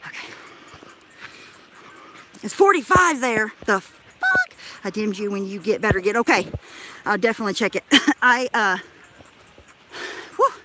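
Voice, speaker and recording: A woman's voice: medium pitch, animated, moderate pace, long pauses, sharp tone, slight background noise. A woman chatting on a live stream while walking through a park, out of breath, swearing casually and laughing often. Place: outdoors in a crowded park. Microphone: handheld phone camera.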